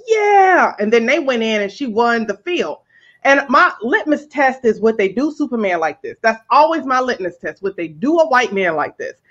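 A woman chatting casually in a movie review, animated, emphatic and profane. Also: a little high. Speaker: podcast co-host. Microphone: video call. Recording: slightly dull lo-fi audio.

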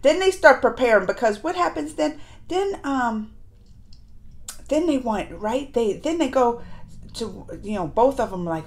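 A woman hosting a review channel, recapping episodes to viewers in a chatty, animated way and acting out characters' lines. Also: a little high, unhurried. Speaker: reaction and review channel host. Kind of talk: casual recap chat to viewers.

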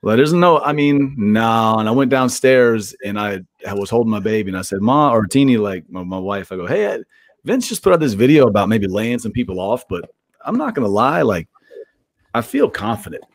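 A man's voice: fairly low pitch, expressive, a little fast, no echo, studio quality. A man telling stories as an interview guest in a rambling, profane way, acting out what people said to him. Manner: profane, rambling, acts out quoted dialogue. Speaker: guest wrestler. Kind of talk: casual storytelling interview.

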